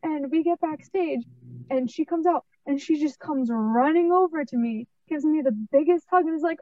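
A candid woman speaks as an interview guest, with a fairly high voice and casual swearing. The sound is dry and dull, and she is a little off-mic. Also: normal speed, dry recording, far from the mic. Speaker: guest, model and advocate.

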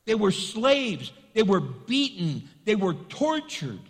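A man's high, bright-toned voice preaches, animated and folksy, slipping into the voices of the people he talks about. The sound rings out in a long, echoing church hall reverb. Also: slow. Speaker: pastor. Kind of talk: sermon.

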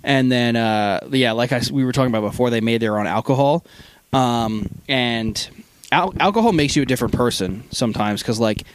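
A man co-hosting a casual film review, retelling scenes with lots of fillers and quick acted-out quotes. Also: medium pitch, clear, resonant tone. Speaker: podcast co-host.

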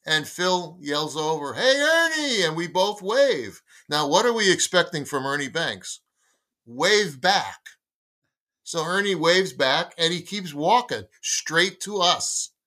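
A man's voice: on the high side, slow. A man in his sixties, a guest on a talk show, telling a long anecdote and acting out the dialogue of the people in it. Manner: lively storyteller acting out dialogue. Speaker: guest, baseball magazine editor. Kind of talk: storytelling anecdote in conversation.

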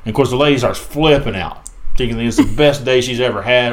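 A man's voice: medium pitch, a little fast. A man co-hosting a casual podcast, telling a long joke in a laid-back way with hesitations. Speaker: podcast co-host. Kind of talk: casual chat.

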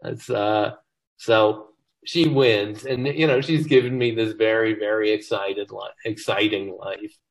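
A man's voice: fairly low pitch, fairly even intonation, a little slow, low-quality recording. An older man, a comedy writer as an interview guest, telling self-deprecating stories in casual chat. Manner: self-deprecating, joking storyteller.

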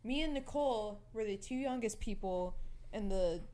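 A young woman in her twenties telling a lively story in casual chat, swearing freely and quoting her friend. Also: medium pitch, normal speed. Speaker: guest storyteller.

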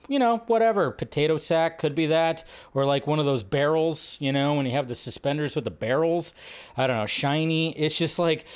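Rambling excitable male stream host. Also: fairly high pitch. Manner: rambling, excitable, lots of fillers; shouts out impressions of quotes. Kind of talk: casual live stream chat.

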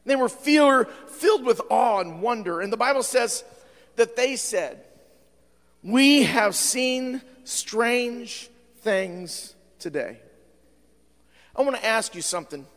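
A male pastor preaching a sermon, with frequent "uh" fillers, swinging between fervent shouting and quieter appeals. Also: very high-pitched, lively intonation, moderate pace. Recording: long hall reverb.

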